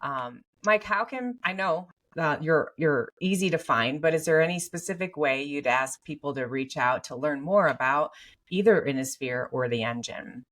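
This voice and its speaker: A woman's voice: sits low, lively intonation, moderate pace, fairly bright tone. A woman hosting an interview podcast, eager and full of affirmations as she asks her questions. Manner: enthusiastic, frequent affirmations. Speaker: podcast host. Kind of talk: casual interview talk.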